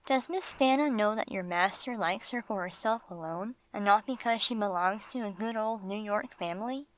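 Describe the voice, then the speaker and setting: A woman's voice: medium pitch, normal speed, lightly acted, low-quality recording. A woman voicing a polite, curious young male dog who asks careful questions in an audiobook.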